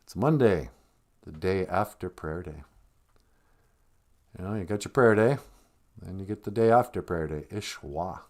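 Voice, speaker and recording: Deep-voiced and darkish in tone, a northern Minnesota man hosts a live stream with lively intonation at a moderate pace, leaving long pauses. He jokes, rambles and laughs often in casual chat.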